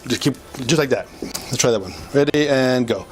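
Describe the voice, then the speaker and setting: A man's voice: medium pitch, moderate pace. A male police officer at a roadside traffic stop, patiently repeating coaching commands, recorded on a body camera. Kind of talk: giving instructions at a traffic stop. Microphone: body-worn camera. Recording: noisy body cam audio.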